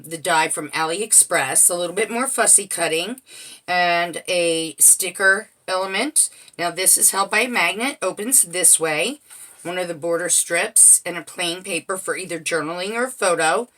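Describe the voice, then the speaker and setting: A woman's voice: on the low side, bright, forceful tone. A woman casually walking through a handmade scrapbook album page by page, chatty and explaining each piece as she goes. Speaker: crafter showing a handmade album. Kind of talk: casual show-and-tell narration.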